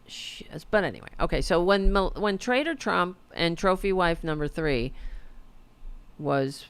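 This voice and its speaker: A woman's voice: fairly low pitch, lively intonation, unhurried, smooth, no echo. A woman hosting a podcast, giving casual political commentary in a sarcastic, mocking way and swearing freely. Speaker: podcast host.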